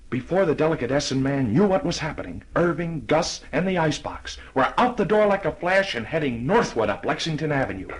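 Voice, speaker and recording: Lively husky-voiced man reading a storybook. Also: a little high, rough recording. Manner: animated, expressive reading. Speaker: audiobook narrator. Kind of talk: storybook narration.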